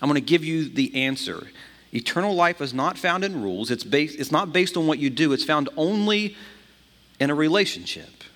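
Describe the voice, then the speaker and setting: A man preaching, voicing a calm, earnest male teacher who invites a listener to follow him, in a sermon retelling. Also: fairly high pitch, normal speed. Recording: long hall reverb.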